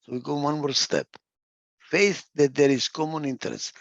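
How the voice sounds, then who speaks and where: A man's voice: fairly high pitch, steady tone, moderate pace, vocal fry, no echo, muffled recording. A man giving a reflective talk. He stresses points by repeating phrases, and sometimes stalls over a word and starts again. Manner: gets lost for a word and restarts. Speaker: speaker.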